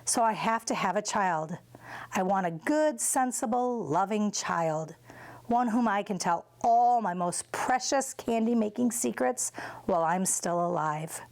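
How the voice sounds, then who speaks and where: A woman reading aloud from a storybook and voicing a whimsical, eccentric male candy maker in a brisk, confident way. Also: medium pitch, expressive, darkish tone.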